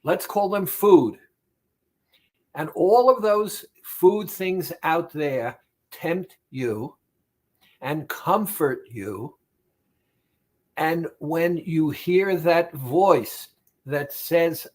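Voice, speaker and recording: A man, a therapist, speaking directly to the listener about weight loss in a deliberate, repetitive, emphatic monologue. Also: on the high side, animated.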